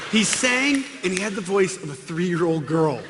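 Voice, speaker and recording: High-voiced male speaker, lively comic testimony with acted-out scenes, in a reverberant hall. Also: normal speed, very noisy. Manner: animated storyteller, acting out scenes. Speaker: Catholic musician and speaker. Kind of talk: comedic personal testimony. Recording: long hall reverb with music.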